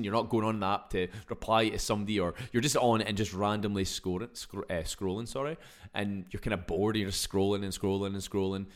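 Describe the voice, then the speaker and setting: A young man hosting a casual solo podcast, chatty and exclamatory with mild swearing. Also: fairly low pitch. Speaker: podcast host.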